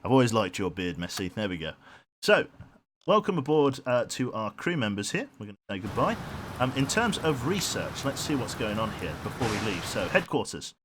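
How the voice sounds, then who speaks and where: A man with a lowish, fairly bright voice and big pitch swings talks a little fast while live-streaming a submarine game. He rambles, hums as he thinks through his crew picks, and reads chat aloud, with slight background noise behind him.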